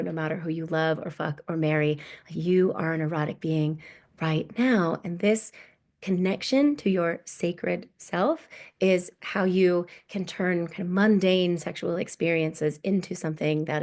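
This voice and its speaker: A woman in her thirties giving a relaxed workshop talk as a sex coach, often tagging "right?" onto her points. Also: fairly low pitch. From United States.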